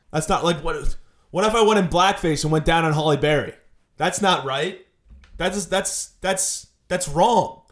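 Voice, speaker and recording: Young male comic host, fairly high voice, mock-indignant rant delivery. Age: 20s. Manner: mock-indignant, exaggerated complaining. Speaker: comedy podcast host. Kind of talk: comedic rant monologue.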